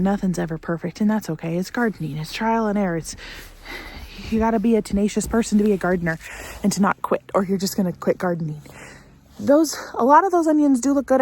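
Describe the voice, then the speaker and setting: A mid-pitched woman in her thirties chats to the camera outdoors on her snowy homestead. She has a cold and rambles casually, self-deprecating as she goes. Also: a little mellow. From Central Oregon. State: has a cold, out of breath from trudging through snow. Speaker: homesteading vlogger. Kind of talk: casual vlog narration.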